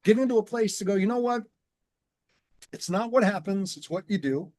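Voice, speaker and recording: A man telling his story in an earnest, measured way and slowing down on key words, as a guest on a conversational show. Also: high voice, lively intonation, a little mellow, no room sound. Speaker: guest, transformation coach.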